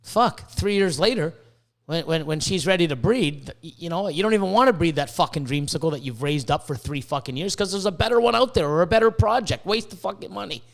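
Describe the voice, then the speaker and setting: A Canadian man hosting a podcast, ranting excitably with lots of swearing and stumbling restarts. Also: on the high side, fairly quick, creaky. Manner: profane, excitable, with many restarts. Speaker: podcast host. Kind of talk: casual podcast rant.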